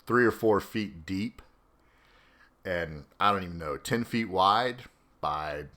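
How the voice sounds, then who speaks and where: A middle-aged man, an army veteran hosting his own podcast, telling a story in a casual, animated way and laughing often. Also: low voice, slow. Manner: animated, acts out quoted voices, laughs often.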